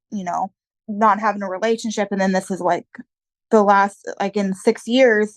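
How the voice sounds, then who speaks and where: A woman's voice: mid-range voice, dry recording. A woman telling her story as an interview guest, in plain, earnest, casual talk with some fillers.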